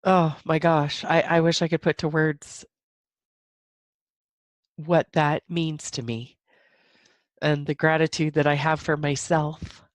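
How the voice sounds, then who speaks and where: A woman's voice: deep voice, dry recording. A woman hosting a podcast, talking alone in a reflective, emotional way, laughing between thoughts, teary and a little stuffy-nosed. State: stuffy nose. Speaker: podcast host. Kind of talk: reflective solo podcast monologue.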